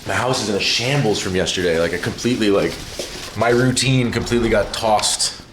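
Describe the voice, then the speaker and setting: A man streaming from home, chatting casually, excitable and profane, rambling from one thing to the next. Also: lowish voice, a little fast, echoey room, background noise. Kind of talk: casual livestream chat.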